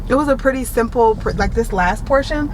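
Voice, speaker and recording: A woman chatting excitedly to her viewers as a vlogger in a car, her mouth still numb from the dentist. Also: on the high side, fairly quick, slight background noise, low-quality recording. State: mouth still numb after dental work. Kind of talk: casual chat to camera.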